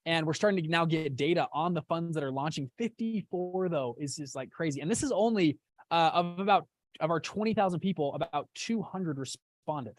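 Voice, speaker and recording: A young man who founded a fund company, casually telling a story to an online audience in an animated way and acting out quoted lines. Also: a little fast, no echo. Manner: animated, acts out quotes with big jumps in pitch.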